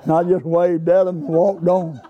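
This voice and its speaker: Over phone-quality audio, a man delivers a sermon full of folksy tales, breaking into excited cries of praise. His voice sits high with little pitch movement, and he keeps a moderate pace.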